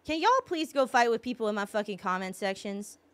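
A woman's voice: mid-range voice, expressive, brisk. A woman streamer in casual livestream chat, blunt and exasperated, swearing often.

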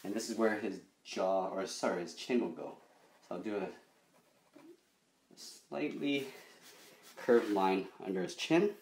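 Low-voiced man teaching a drawing lesson. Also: a little slow, pauses often, reverberant, a little hiss or hum. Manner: relaxed, talks through each stroke with frequent "okay?". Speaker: drawing instructor.

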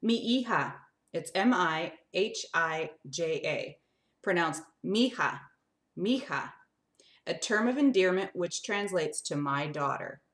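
A woman reads a picture book aloud to children in a lowish voice. She is animated and sing-song, with big upward swings, and keeps turning to her young listeners to ask them things. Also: slow. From lives in Arizona desert.

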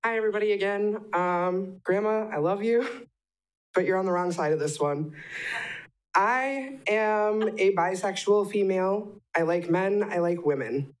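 A woman's voice: mid-range voice, a little slow, low-quality recording. A young woman giving an emotional, heartfelt public comment at a city council meeting, close to tears.

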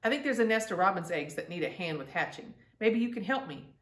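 A woman's voice: medium pitch, expressive, fast, reverberant, distant mic, lightly acted. A woman reading as a playful girl fairy. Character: playful young female animal fairy.

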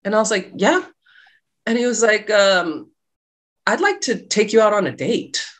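A woman's voice: mid-range voice, sing-song, normal speed. A middle-aged woman, a guest telling a personal story in a casual interview, acting out the dialogue as she goes. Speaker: guest, love and life coach.

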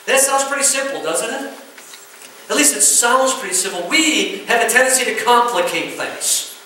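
A man's voice: very high voice, bright, forceful tone, a little hiss or hum. A male pastor preaching a sermon to his congregation in a folksy way, often checking in with them. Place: church sanctuary. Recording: very echoey church room from far off.

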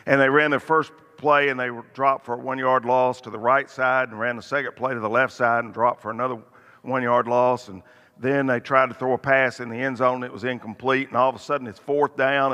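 A man's voice: medium pitch, sharp tone. A middle-aged man leading a church Bible study, telling stories and lifting his voice for emphasis. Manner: storytelling, lifts voice for emphasis. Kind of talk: church teaching. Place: church hall. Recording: long hall reverb.

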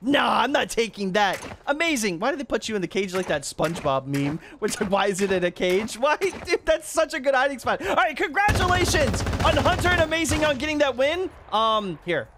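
A man with a high, lively voice commentates a video game and keeps breaking into loud, incredulous reactions. His pitch swings widely as he talks. A faint hiss sits under the recording. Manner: excitable, quick swings to loud disbelief. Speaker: YouTube gaming host. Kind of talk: gameplay commentary.

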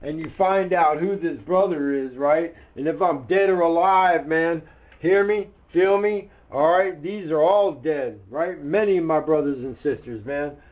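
In a home kitchen, a man hosts a cooking show and rambles casually to the camera while he cooks, his voice fairly high, a little slow and a little mellow. He talks loosely, dropping fillers like "man" and "right." The audio quality is poor.

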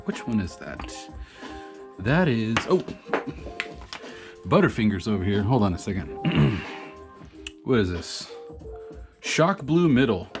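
Rambling, chatty man over background music. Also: lowish voice. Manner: rambling, chatty, laughs often. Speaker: graffiti artist reviewing art supplies. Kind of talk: casual talk to camera while drawing. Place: home art studio.

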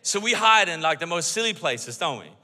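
A middle-aged man preaching a sermon as pastor in a church, animated and by turns joking and earnest. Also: fairly high pitch, brisk. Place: church auditorium. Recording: long reverb of a large hall.

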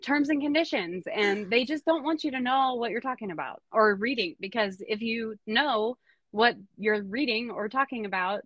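A woman hosting a casual live-stream chat, talking in a relaxed way and thinking aloud. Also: on the high side, moderate pace, dry recording, highs cut off.

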